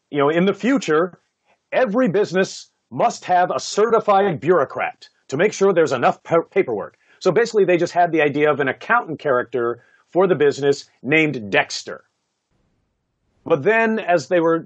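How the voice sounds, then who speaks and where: A man, a voice actor, telling stories from his career in a casual interview, animated and laughing often, with many "you know" fillers. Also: fairly high pitch, normal speed, dry recording, dull audio. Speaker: voice actor guest.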